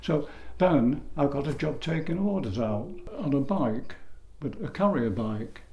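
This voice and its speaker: A man's voice: mid-range voice, lively intonation, measured pace, a little mellow. An older man from England telling rambling stories about his first jobs as a boy, often correcting himself mid-sentence. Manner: rambling, self-correcting storyteller. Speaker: interviewee recalling his youth. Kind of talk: oral history reminiscence.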